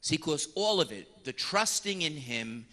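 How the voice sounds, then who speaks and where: A priest giving a lively sermon on confession, acting out penitents and priests in short voices. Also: male voice, on the high side, measured pace, long reverb tail. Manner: animated storyteller, slipping into voices of penitents and priests.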